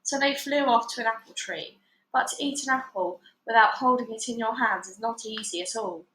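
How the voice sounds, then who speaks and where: A woman's voice: normal speed, roomy sound, low-quality recording. A woman reading a children's storybook aloud, raising her voice for the characters' lines. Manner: lively, voices quoted lines with higher, louder pitch. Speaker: storybook reader. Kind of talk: read-aloud storybook narration.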